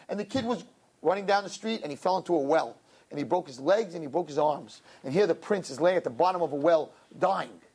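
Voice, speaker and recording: A man giving a Jewish sermon and telling a parable, dramatic and swinging from low murmurs to high shouts. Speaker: Jewish speaker.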